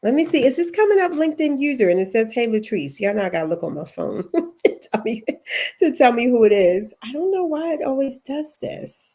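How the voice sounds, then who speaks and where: A woman's voice: fairly high pitch, very animated, a little fast, dark tone. Chatty Baltimore woman coaching live. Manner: chatty, encouraging, reads viewer comments aloud. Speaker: career coach hosting a livestream. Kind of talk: casual livestream coaching.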